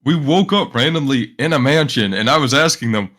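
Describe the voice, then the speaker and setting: Bright-voiced man bantering at a game table. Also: mid-range voice, fairly quick. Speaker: player. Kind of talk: casual game chat.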